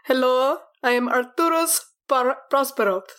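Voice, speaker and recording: A woman's voice: high voice, unhurried, a bit bright, clear, resonant tone. A woman voicing a pompous young male noble with a fancy, overly polite way of speaking. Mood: courtly.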